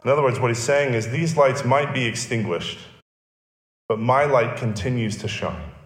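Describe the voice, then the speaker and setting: A man's voice: medium pitch, moderate pace. A male pastor preaching a sermon, explaining and repeating key phrases for emphasis. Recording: echoey church hall.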